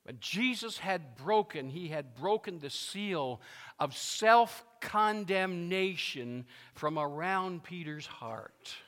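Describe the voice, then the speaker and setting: A man's voice: sits high, expressive, slow pace, a bit bright. A male pastor preaching a sermon, emphatic and fond of repeating his phrases, with a long reverb from a large hall.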